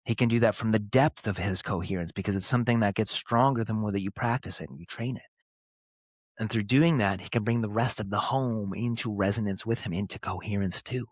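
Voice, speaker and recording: A man in his thirties hosting a podcast, speaking earnestly and emphatically in short, punchy phrases with pauses. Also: fairly low pitch, slightly rough, dry recording, studio quality. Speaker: podcast host. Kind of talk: motivational podcast monologue.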